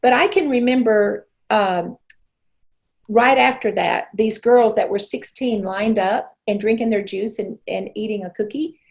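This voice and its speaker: A woman's voice: mid-range voice, unhurried, creaky. A woman in her sixties, from Arkansas, earnestly telling her personal story as an interview guest. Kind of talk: personal testimony in conversation.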